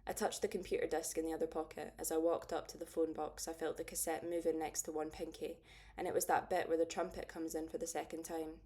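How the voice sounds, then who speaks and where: A woman narrating a first-person audiobook in a steady, understated way. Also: low voice, fast talker, hardly any pauses.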